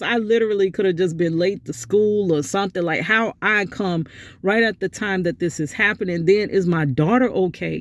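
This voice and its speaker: A middle-aged woman vlogging, telling a story in a chatty, animated way and talking straight to her viewers. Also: no echo. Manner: animated, acts out quotes with big pitch jumps; chatty, addresses viewers directly. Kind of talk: casual storytelling vlog.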